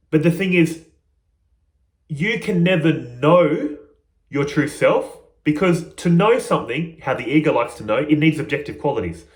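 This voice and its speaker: Guy giving a chill spiritual talk, kinda high voice, roomy echo. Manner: earnest, conversational, addresses viewers as guys. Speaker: spiritual teacher. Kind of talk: informal spiritual teaching.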